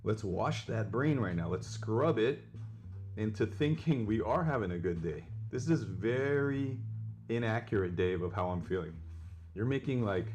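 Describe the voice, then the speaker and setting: Young male comic, slightly low voice, earnest rambling painter-guru monologue. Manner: earnest self-help delivery, rambling with restarts. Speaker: comedic painter. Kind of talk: mock painting tutorial monologue.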